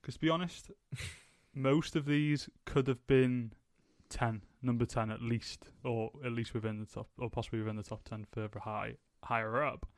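A man's voice: mid-range voice, steady tone, normal speed, no echo, clean studio sound. A young man hosting a podcast, chatting casually and rambling with lots of fillers. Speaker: podcast host. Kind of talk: casual chat.

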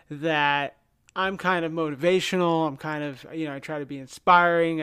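A man spins a personal story for his podcast audience with a smooth, clear voice pitched a little high. He slips in and out of acted quotes, swears casually and laughs at himself along the way. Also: fairly bright tone. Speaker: podcast host.

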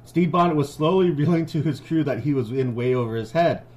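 A man co-hosting a casual podcast, reading pirate history out loud and breaking into jokes, laughter and swearing. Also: a little high, quick pace, low-quality recording. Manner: joking, swears a lot, laughs often. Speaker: podcast co-host.

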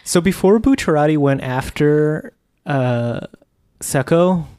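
A speaker in a casual anime recap conversation, adding relaxed asides and everyday comparisons. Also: mid-range voice, slow pace, smooth.

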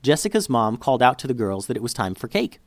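A man reads a children's story aloud with an expressive, animated delivery. His pitch climbs and dips freely through each sentence, and the recording is dry and close. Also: fast talker, no echo.

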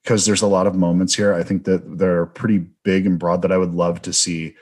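A man hosts an interview with a film director and muses at length, circling his points thoughtfully. His voice sits very low and has a slightly husky edge. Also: flat delivery, fairly quick, darkish tone. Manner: thoughtful, rambling, reflective. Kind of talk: conversational interview.

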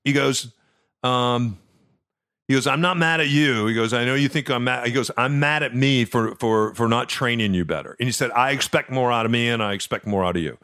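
A man's voice: a little fast, clear, resonant tone. Middle-aged man telling a story. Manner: chatty, repeats words when emotional, drops soft and low at tender moments. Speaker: podcast host. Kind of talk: casual storytelling.

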